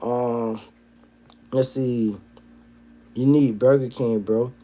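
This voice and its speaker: A man hosting a casual livestream, reading chat comments aloud. His talk is slangy and profane, and it swings from low mumbled asides to loud, heated rants. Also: fairly even intonation, extremely slow. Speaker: livestream host.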